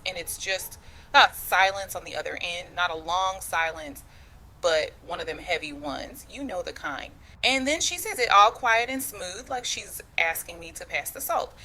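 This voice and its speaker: A woman's voice: fairly low pitch, lively intonation, normal speed, bright, forceful tone, a little hiss or hum. A woman in her thirties telling a personal family story in the first person, slangy and confiding, speaking straight to the listener. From United States.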